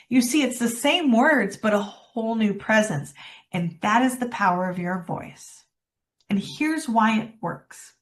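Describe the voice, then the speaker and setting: A woman coaching public speaking, talking expressively and demonstrating lines with dramatic pauses. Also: fairly high pitch. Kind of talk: workshop presentation.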